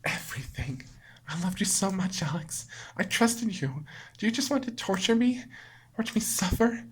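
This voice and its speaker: A man's voice: sits high, unhurried, voice pushed up. A man reading out the lines of a heartbroken young female game character, pleading and wounded.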